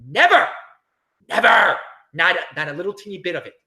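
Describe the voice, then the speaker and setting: A middle-aged American man hosting a casual livestream, reading viewer comments in an animated, chatty way with frequent laughs and restarts. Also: high-pitched, brisk, vocal fry. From United States. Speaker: crypto livestream host.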